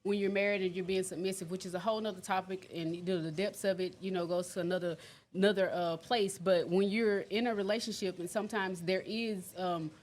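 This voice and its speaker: Fast-talking woman podcast co-host. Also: fairly low pitch, fairly even intonation, darkish tone. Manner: emphatic, quick agreeing interjections. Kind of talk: casual chat.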